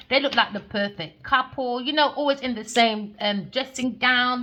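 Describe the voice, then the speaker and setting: A woman, a tarot reader telling personal stories in a casual, slangy, emphatic way. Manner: emphatic, slangy, swings between loud bursts and low murmurs. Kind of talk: casual storytelling monologue. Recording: slightly dull lo-fi audio.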